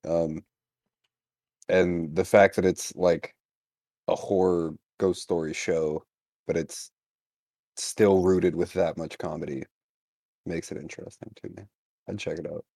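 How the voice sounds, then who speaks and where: A man's voice: low-pitched, fairly even intonation, unhurried, long pauses, a little mellow, no room sound, studio quality. A man, a new podcast member, answering hesitantly and thinking aloud. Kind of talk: casual chat.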